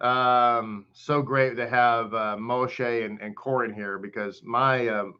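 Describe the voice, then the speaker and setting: A man's voice: medium pitch, steady tone, takes it slowly, clear, resonant tone, lo-fi sound. A man with a Texan accent, a rabbi giving a casual online Torah class, greeting viewers by name and chatting freely. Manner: chatty, greets viewers by name, hums and laughs between thoughts.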